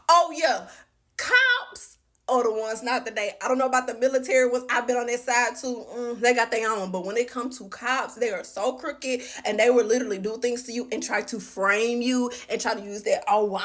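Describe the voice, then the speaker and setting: A chatty woman recounts a bad relationship for her viewers. She is lively and talks straight to them. Her voice sits a little on the high side. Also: a little fast. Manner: animated, chatty, addresses viewers directly. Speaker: storyteller. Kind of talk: casual storytime vlog.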